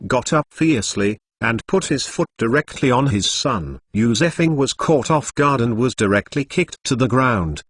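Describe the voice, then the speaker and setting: A man's voice: mid-range voice, lively intonation, normal speed, hardly any pauses, a bit bright, a little hiss or hum. A man's synthetic voice narrating a web novel, reading punctuation marks aloud.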